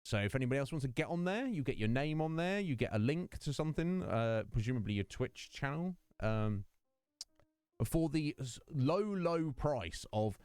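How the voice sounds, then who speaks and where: A man's voice: medium pitch, a little mellow, smooth, no room sound. A man hosting his game live stream, chatting in a rambling way and laughing often. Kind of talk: casual live-stream chat.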